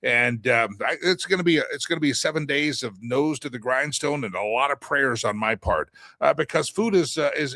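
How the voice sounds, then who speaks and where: A middle-aged man hosts his own talk show and makes a long, earnest appeal for charity. He talks in a rambling, folksy way that turns preacher-like, and his tone is bright and forceful. The recording is dry and close to the mic. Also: medium pitch, no echo. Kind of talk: casual appeal for charity donations.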